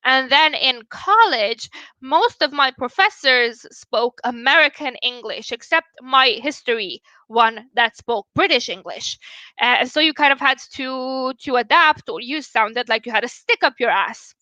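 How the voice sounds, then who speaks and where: High, bright-voiced woman streamer. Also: animated, measured pace, no echo, lo-fi sound. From Romania. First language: Romanian. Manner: outspoken and blunt, swears casually. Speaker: livestream host. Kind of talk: casual livestream chat.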